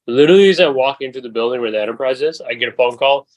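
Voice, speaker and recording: A man in his twenties telling a profane, animated story as a podcast host in casual chat. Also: mid-range voice, very fast, no echo, rough recording. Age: 20s.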